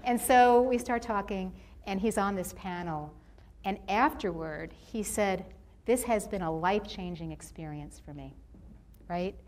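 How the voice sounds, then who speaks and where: A woman's voice: medium pitch, measured pace. A woman giving a motivational talk on campus, telling stories and acting out the people she quotes in livelier voices. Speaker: guest speaker.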